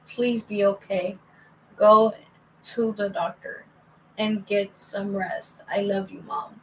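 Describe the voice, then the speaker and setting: Young woman, casual vlog storytelling, slow, gravelly, faint hiss behind. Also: mid-range voice, rough recording. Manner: rambling, reads out texts, many restarts. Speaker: vlogger.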